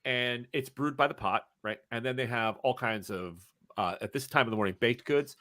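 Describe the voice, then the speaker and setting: A man's voice: medium pitch, moderate pace, bright, forceful tone, dry recording, studio quality. A man running a tabletop game as game master, narrating scenes with chatty, self-mocking asides.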